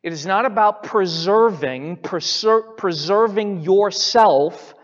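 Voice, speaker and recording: A man's voice: high voice, slow, faint music behind. A man preaching a sermon as pastor, emphatic, repeating key phrases again and again. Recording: reverberant hall, dull lo-fi sound.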